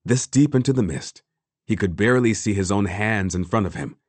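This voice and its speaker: A man reading a fantasy novel aloud as scripted narration, measured and grave. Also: lowish voice, a little mellow, no echo. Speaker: audiobook narrator.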